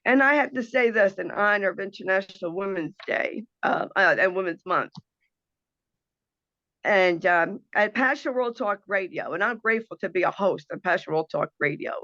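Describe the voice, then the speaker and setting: A woman's voice: mid-range voice, expressive, moderate pace, pushed and bright, no echo, dull audio. Fervent, emotional woman radio host. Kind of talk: impassioned monologue. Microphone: video call.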